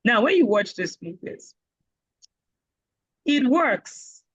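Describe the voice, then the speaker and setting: A Nigerian woman teaching a casual online speaking class, lively and joking as she acts out voices. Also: fairly high pitch, takes it slowly, breathy edge, dry recording, highs cut off. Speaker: IELTS speaking instructor.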